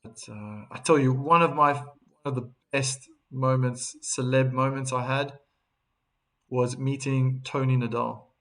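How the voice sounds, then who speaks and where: A man with a South African accent hosting a live tennis watchalong, chatting with viewers and breaking into excited calls on big points. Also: medium pitch, measured pace. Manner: chatty, reads viewer chat messages aloud between calls. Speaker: host and tennis commentator.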